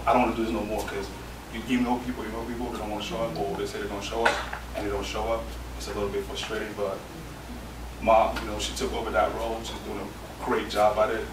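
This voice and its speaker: A laid-back man with a lowish voice introducing his team at a live podcast event, dropping in plenty of ums. He sounds distant, with a roomy echo and background noise. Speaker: podcast host. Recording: echoey room, far from mic, noisy.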